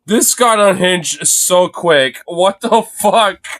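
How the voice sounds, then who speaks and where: Animated high-voiced young male streamer. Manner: incredulous, exclaiming, swears a lot. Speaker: streamer reacting to a video. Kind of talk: casual live-stream reaction.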